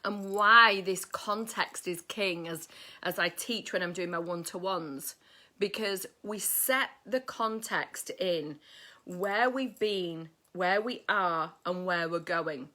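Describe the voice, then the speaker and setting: A woman's voice: lowish voice, slow pace, bright, forceful tone. A woman hosting a casual astrology livestream, playful and swearing, greeting viewers by name. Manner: playful, swearing, sings snatches of songs; reads viewer comments aloud.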